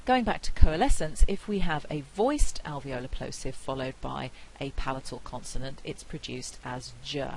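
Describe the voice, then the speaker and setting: A woman giving a recorded phonetics lecture, explaining carefully and repeating example words slowly. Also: very deep voice, expressive, darkish tone, slight background noise, poor audio.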